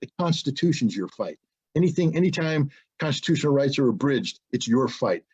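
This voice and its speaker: A husky-voiced American man speaks at an online webinar, his tone indignant and forceful. He drives home his points with pointed rhetorical questions. The sound is dull and lo-fi, as over a video call. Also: mid-range voice, big pitch swings, a little fast. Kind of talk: impassioned webinar talk.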